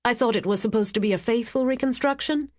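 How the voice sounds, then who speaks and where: A woman's voice: on the high side, fast, no echo, pitched above the performer's own voice, lightly acted. A woman voicing a skeptical female journalist who speaks in a dry, sarcastic way. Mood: wry.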